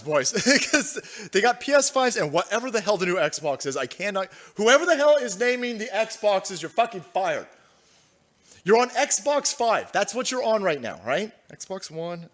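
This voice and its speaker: A man's voice: fairly high pitch, fairly bright tone. Crude, sarcastic livestream host, man. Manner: crude, sarcastic, laughing often. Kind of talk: profane livestream commentary, reading donations.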